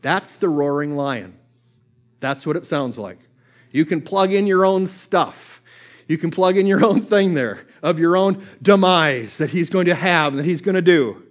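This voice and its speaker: A man's voice: on the high side, measured pace. A man preaching a sermon, passionate and repetitive, quoting scripture again and again. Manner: impassioned, repeats scripture over and over. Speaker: pastor.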